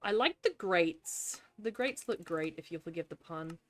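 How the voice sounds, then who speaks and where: A woman's voice: on the low side, lively intonation, a little slow, a bit bright, soft background music. A woman streaming live gameplay, chatting away, greeting and thanking viewers and talking to the creatures in her game.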